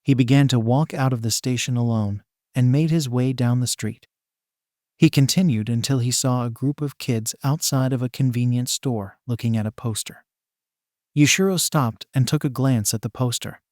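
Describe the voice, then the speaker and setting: A man reads a fan-fiction story aloud in an even, steady way, his middle-pitched voice recorded close and dry with no room sound. The delivery stays measured from line to line. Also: no room sound. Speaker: narrator. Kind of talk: scripted fan-fiction narration.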